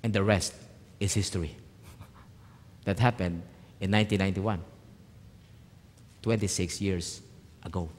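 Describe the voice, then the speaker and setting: A man, a pastor telling a personal story in a sermon, swinging from hushed lines to loud emphatic ones. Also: sits low, steady tone, a little slow, long pauses, a little hiss or hum. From Philippines. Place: church hall. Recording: reverberant church hall.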